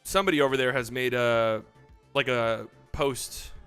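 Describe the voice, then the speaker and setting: Bright-voiced excitable male stream host. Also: mid-range voice, moderate pace, smooth, faint music behind. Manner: excitable and profane, acting out mock phone calls. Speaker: livestream host. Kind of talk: casual livestream commentary.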